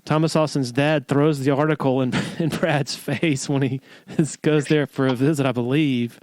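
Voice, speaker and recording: A man hosting a podcast, telling stories in an animated casual way, often laughing as he talks. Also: medium pitch, normal speed, no echo. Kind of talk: casual storytelling chat.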